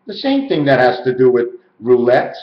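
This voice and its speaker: A man with a mid-range, very animated voice rambles alone to the camera at a normal pace, chanting and stretching his words in a sing-song way. He's a video maker laying out his theories about numbers and letters. The home recording is roomy, dull and lo-fi.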